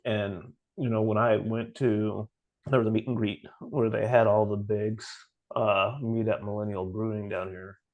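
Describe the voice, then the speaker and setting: Lowish voiced guy on a podcast telling a story, doing the back-and-forth lines. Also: little pitch movement, measured pace, narrow, tinny audio. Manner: storytelling, acts out quoted dialogue. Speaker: podcast co-host. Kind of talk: casual morning chat.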